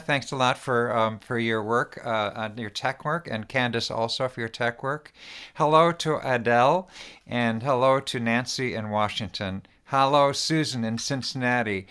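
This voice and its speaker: A man's voice: medium pitch, bright, forceful tone, clean tone. A man hosting an online song gathering, greeting viewers one by one in a friendly, rambling way over a video call. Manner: friendly, rambling, with many restarts and fillers. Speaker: host. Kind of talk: welcoming online viewers by name.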